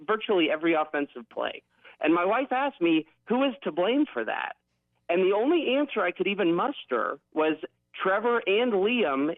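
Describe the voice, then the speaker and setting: A man's voice: fairly high pitch, no echo. A man calling in to a radio show, rambling and apologetic about complaining. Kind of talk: phone-in call. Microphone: telephone. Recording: tinny dry phone line.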